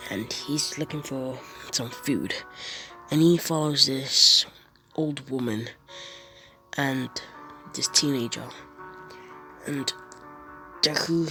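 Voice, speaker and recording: Low-voiced stuffy-nosed woman narrating. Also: pushed and bright. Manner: casual, half-whispered retelling. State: congested from a cold. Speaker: storyteller. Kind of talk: fan fiction voiceover narration.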